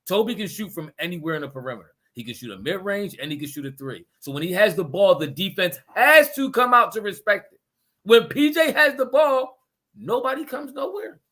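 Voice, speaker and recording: A man with a bright, slightly high voice pressing his case in a heated sports podcast argument. He talks emphatically, lays out his points one by one and laughs often. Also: animated, a little fast. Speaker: podcast co-host.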